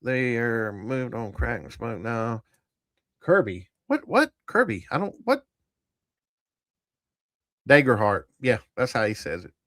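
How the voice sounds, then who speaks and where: A man's voice: medium pitch, very animated, a little slow, a bit bright, no echo, clean studio sound. A man hosting a tabletop gaming channel, giving blunt, profane, rambling commentary to a live chat. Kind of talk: casual livestream commentary.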